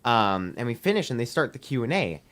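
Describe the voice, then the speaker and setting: A man's voice: medium pitch, big pitch swings, fairly quick, fairly bright tone. A teenage boy, a podcast guest, telling a long story in casual chat, full of "um" and "we're like" as he acts out the dialogue. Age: teens. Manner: rambling, heavy use of "we're like" and "um".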